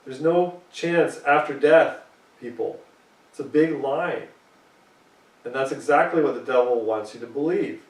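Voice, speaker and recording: A man's voice: medium pitch, darkish tone, distant mic. Emphatic man preaching in an echoey room. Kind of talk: sermon reading scripture.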